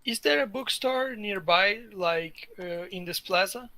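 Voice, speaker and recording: Bright, high-voiced male player. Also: unhurried, gravelly, dry recording. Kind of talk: casual tabletop play.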